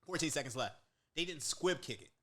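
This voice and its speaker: A man talks as a podcast guest. His voice is fairly high and bright, and he tells betting stories with excitement. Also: brisk. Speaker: podcast guest, sports bettor. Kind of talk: casual chat.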